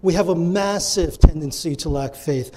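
In a fairly high-pitched male voice at normal speed, a pastor earnestly addresses his congregation, repeating key phrases for emphasis. Background noise is present.

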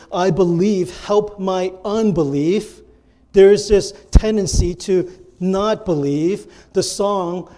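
High-voiced pastor preaching a sermon. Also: male voice, warm tone. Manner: acts out quoted lines with earnest emphasis.

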